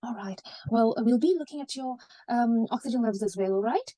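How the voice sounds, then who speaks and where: A woman playing a gentle reassuring doctor. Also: a little high, fairly quick, dry recording, natural voice. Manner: gentle, reassuring, many okays. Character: calm junior woman doctor at a clinic.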